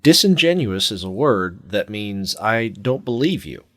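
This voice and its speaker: A man playing in a casual tabletop role-play game, wry and deliberate. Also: fairly low pitch, sing-song, fairly bright tone. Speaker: player.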